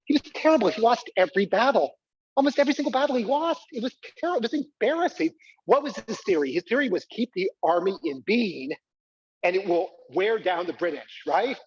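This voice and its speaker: A man's voice: sits high, animated, brisk, breathy edge, no echo, lo-fi sound. A man performing a live comic monologue, coaxing the audience to join in and squealing with delight. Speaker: solo performer. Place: small live venue.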